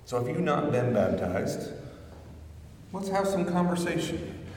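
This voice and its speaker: Slow-preaching pastor in an echoey hall. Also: male voice, fairly high pitch, sing-song, darkish tone, slight background noise. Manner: slow, storytelling, swelling to emphatic peaks. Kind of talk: sermon. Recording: echoey church hall from far off.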